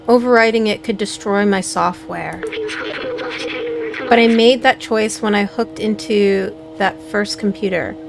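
A woman reading aloud the lines of a small, earnest robot drone that gives itself up for its friends, in a calm, soft, slower voice. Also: medium pitch, voice pushed down, natural voice. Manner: reading on-screen lines calmly and softly. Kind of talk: reading game dialogue aloud. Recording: game music playing behind. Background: game music.

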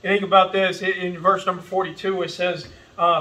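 A man's voice: sits high, flat delivery, a little fast, hardly any pauses, sharp tone, far from the mic, a little hiss or hum, rough recording. A man preaching an earnest, impassioned sermon as pastor, calling his listeners folks. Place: church sanctuary.

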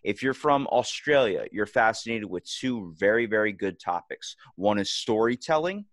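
A man's voice: lowish voice, lively intonation, moderate pace, no room sound. A young man hosting a podcast, talking bluntly in a rambling, casual way with crude jokes. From United States. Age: young adult. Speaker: podcast host.

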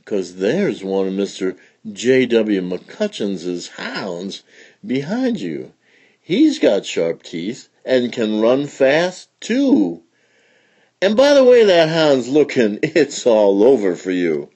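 A sassy, clever little country girl, put on by a man reading a storybook aloud. She drawls in a high, husky voice that swings up and down. She sounds matter-of-fact and unbothered. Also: very animated, takes it slowly, darkish tone. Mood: teasing.

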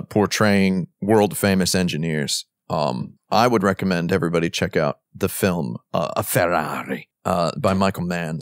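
Man, low voice, dry close sound, casual rambling chat, lots of ums and restarts. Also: no echo. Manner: rambling, enthusiastic, many fillers and restarts; jokey, self-deprecating asides. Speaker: podcast panelist.

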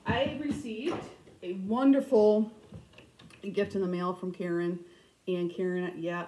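A middle-aged woman hosting a cross-stitch vlog, chatting casually and telling stories with animated, self-mocking humor. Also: lowish voice, a little hiss or hum, rough recording. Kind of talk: casual storytelling chat.

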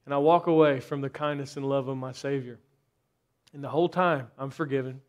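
A man's voice: mid-range voice, fairly even intonation, a little fast, darkish tone. A man preaching a sermon in a church, asking the congregation rhetorical questions and building up intensity in bursts. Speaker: pastor.

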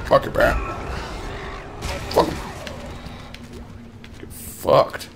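A man streaming a horror game, swearing, laughing and yelling at enemies. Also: a little high, huge pitch swings, moderate pace, gravelly, long pauses. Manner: crude, jumpy, swearing, laughing. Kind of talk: live gameplay commentary. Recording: game music behind. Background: horror game music.

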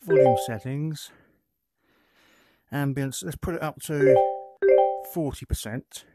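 A VR gaming content creator gives casual commentary while playing, thinking aloud as he adjusts settings, recorded on the headset's built-in mic. His voice is a little high, steady, and a bit slow. Loud game music and a loud cricket crowd with bat clicks play over his voice.

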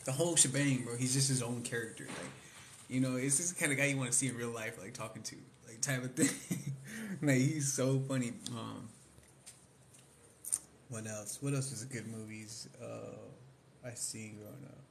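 A man's voice: medium pitch, fairly even intonation, moderate pace, creaky, a little hiss or hum. A young man in casual chat, rambling in slang about favorite movies and mimicking lines he likes. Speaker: vlogger.

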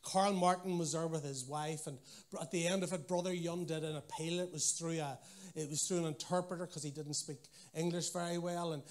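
A man preaching a sermon, telling stories with animation and acting out what people said. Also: fairly high pitch.

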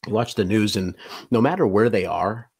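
A man's voice: fairly low pitch, normal speed, a little mellow, husky. A man in his forties, a voice actor guest, talking in a laid-back, blunt, joking way. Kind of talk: casual interview chat.

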